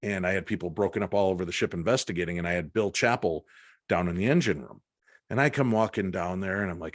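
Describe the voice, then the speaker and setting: A man's voice: deep voice, fast talker, no echo, clean studio sound. A man, a paranormal investigator, telling an anecdote as a podcast guest and acting out the quoted lines. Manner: animated storyteller acting out quotes. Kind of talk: storytelling in a podcast interview.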